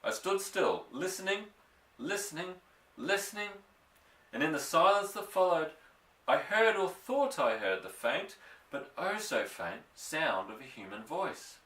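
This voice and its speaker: A man reading a children's story with an expressive, lively delivery that slows down for suspense. His voice is bright and forward. A roomy echo follows him, and he sits a little back from the mic. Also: a little high, distant mic. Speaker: audiobook reader. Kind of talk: storybook narration.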